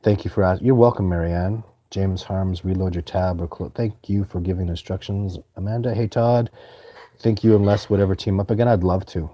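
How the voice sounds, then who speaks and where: A man's voice: low voice, steady tone, a little fast, dark tone, no room sound. A man hosting a live stream, answering viewer questions in a casual, earnest and rambling way. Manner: earnest, rambling, many restarts.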